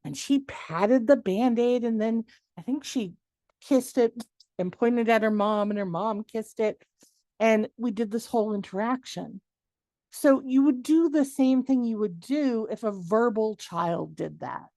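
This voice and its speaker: A middle-aged woman presenting a workshop, lively and animated, acting out quoted dialogue as she explains. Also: fairly high pitch, measured pace, dry recording. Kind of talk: webinar presentation.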